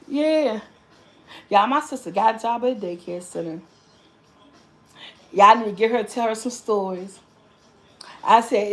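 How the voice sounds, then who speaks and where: A woman's voice: medium pitch, unhurried, pauses often. A woman hosting her own vlog, chatting loosely with viewers and reading their comments, rambling and repeating herself as she talks and calling them y'all. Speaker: vlogger host. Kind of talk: casual live-stream chat reading viewer comments.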